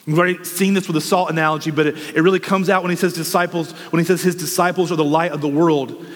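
A man's voice: high voice, fairly even intonation, fast talker, long reverb tail. A man preaching a sermon, working through rhetorical questions with fervent, impassioned delivery. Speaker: pastor.

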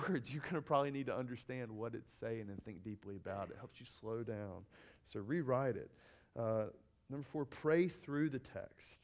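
Delivering a teaching in an earnest, sermon-like way, a mid-range-voiced man keeps returning to key phrases. His pauses are filled with ums and uhs.

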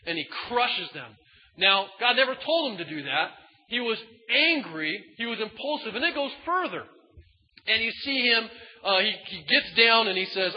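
A man preaching a sermon in a casual, folksy way, swinging between loud emphatic bursts and quiet asides. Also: sits high. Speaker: pastor. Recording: dull sound in a large reverberant hall.

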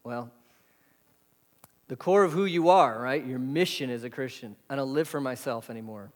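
A pastor preaching a sermon in a conversational way, full of rhetorical questions. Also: male voice, medium pitch, moderate pace. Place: church hall. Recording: hall reverb.

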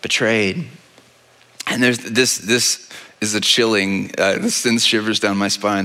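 A man's voice: fairly low pitch, little pitch movement, slow, bright, forceful tone. A man preaching a sermon as pastor, retelling a scripture story in a conversational way and often asking "right?". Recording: long reverb of a large hall.

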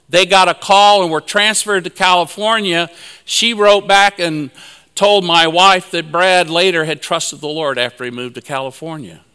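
Folksy male preacher, high bright voice, warm anecdotes, hall echo. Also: clear, resonant tone. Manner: folksy, chuckling storyteller. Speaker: conference speaker. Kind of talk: sermon with personal anecdotes.

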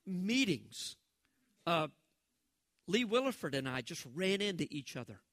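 A male pastor delivers a sermon in a high, bright voice. He talks to the congregation like a conversation and lively acts out the voices he quotes. The sound is close and dry. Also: no room sound.

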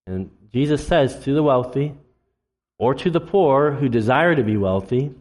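A man's voice: expressive, normal speed. Man preaching an impassioned sermon. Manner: impassioned preaching, swinging from loud emphasis to low intensity. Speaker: pastor. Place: church sanctuary.

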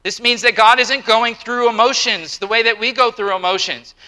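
Middle-aged preacher guy, high voice, real bright and forceful, keeps repeating words for emphasis. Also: normal speed, poor audio. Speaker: pastor. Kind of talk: sermon.

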